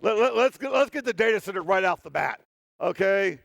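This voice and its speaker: On stage in a hall, a security tester gives a conference talk, telling a story in a high, gravelly voice at a slightly fast pace. He is animated, jokes often and pokes fun at himself, and the audio sounds dry and close with no room sound.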